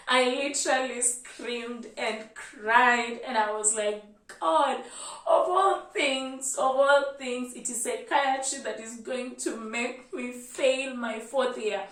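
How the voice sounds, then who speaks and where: Woman, 20s, Kenyan accent, animated storytelling vlog, slightly high voice, echoey room. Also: recorded from a distance. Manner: animated storytelling, lively retelling. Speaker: medical student vlogger.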